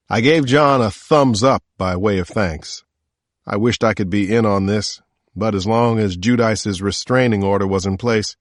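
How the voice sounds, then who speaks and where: A man narrating a first-person audiobook in a calm, even way. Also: on the low side, no echo, studio quality. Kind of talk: scripted narration.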